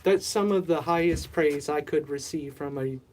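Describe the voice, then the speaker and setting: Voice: medium pitch, normal speed, darkish tone. A livestream host chatting casually with viewers, rambling and poking fun at themself while working on a home mushroom setup. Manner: rambling, chatty, self-mocking, talks to chat.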